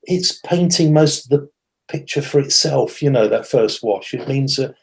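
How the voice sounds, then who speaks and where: A man's voice: medium pitch, animated, moderate pace, vocal fry. A man teaching watercolour painting in a live demonstration, thinking aloud as he works, correcting himself mid-sentence and joking at his own expense. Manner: chatty, thinks aloud while working; self-deprecating humour.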